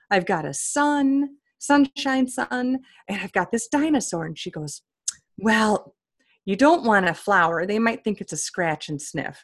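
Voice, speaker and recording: A woman being interviewed as an author, telling funny stories in a lively way and acting out the voices of the people she quotes. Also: medium pitch. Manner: animated, acts out quoted voices, laughs often. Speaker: author and guest. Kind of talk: comic storytelling in an interview.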